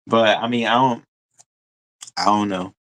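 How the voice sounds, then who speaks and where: Bright-voiced man chatting on a live stream. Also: lowish voice, unhurried. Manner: animated storytelling, addresses viewers as y'all, frequent fillers. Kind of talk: casual live stream chat reading comments.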